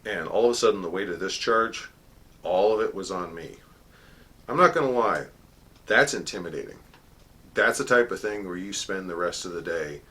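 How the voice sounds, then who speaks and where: A man telling a personal story in a casual monologue, animated, acting out the dialogue with frequent filler words. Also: low-pitched. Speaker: channel host recounting a story.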